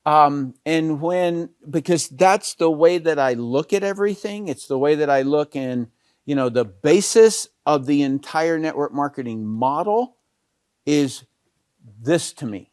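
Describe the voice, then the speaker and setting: A man's voice: a little high, unhurried, darkish tone, clean tone, no room sound, clean studio sound. A middle-aged man giving a casual network marketing talk, storytelling with many fillers and restarts.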